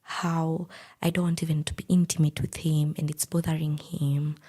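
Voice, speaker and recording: Hushed, husky woman. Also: normal speed. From Kenya. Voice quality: low, hushed and breathy, half whispered. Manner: plain, deadpan retelling of painful events. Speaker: podcast guest telling her story. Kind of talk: candid personal storytelling.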